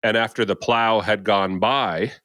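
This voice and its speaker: A man's voice: lowish voice, fairly even intonation, a little slow, a bit bright, no room sound. A man co-hosting a podcast, chatting casually with wry remarks. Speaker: podcast co-host. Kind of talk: casual chat.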